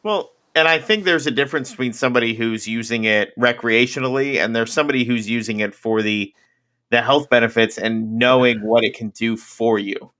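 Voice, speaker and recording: A man hosts a podcast in casual interview chat. His tone is bright and forward, and he drops in quick follow-ups and laughs along with the guest. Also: medium pitch. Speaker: podcast host.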